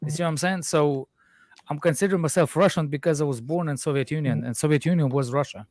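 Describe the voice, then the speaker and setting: A man's voice: a little high, fast, dry recording. A man who grew up in Moldova, chatting casually on a stream and telling stories with some stumbles. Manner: animated storytelling, some stumbles. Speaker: stream panelist. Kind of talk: casual chat.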